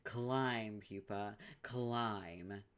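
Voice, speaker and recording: A man's voice: on the low side, drawn-out words, fairly bright tone, clean tone. A man voicing a bossy, cruel young troll girl who sneers and scolds in a comic read-along.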